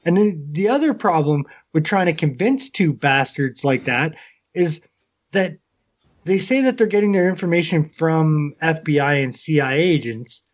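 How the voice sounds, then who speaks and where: A fairly high-voiced Canadian man ranting on a podcast, swearing freely as he talks. His voice comes through a little muffled and lo-fi. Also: moderate pace. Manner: animated, swears constantly. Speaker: podcast co-host. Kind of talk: casual profane chat. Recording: slightly muffled lo-fi audio.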